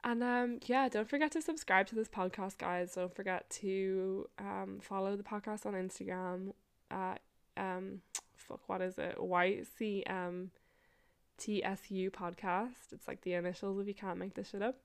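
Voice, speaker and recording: A young woman hosts a podcast and tells a story in a relaxed, chatty monologue. She speaks at a middle pitch and laughs often. She swears freely and fills her sentences with "like". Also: unhurried, clean tone. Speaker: podcast host.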